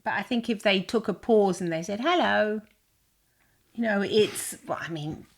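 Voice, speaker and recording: A woman co-hosting a relaxed conversation in a middle-pitched voice. She talks in a chatty, meandering way, full of fillers, and laughs often as she goes. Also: moderate pace. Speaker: podcast co-host. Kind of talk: casual chat.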